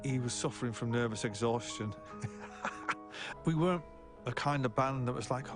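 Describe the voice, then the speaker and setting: With loud music playing over him, a man with a mid-range voice tells blunt, profane band stories in a documentary interview, laughing as he goes. He talks at a normal speed but leaves long pauses.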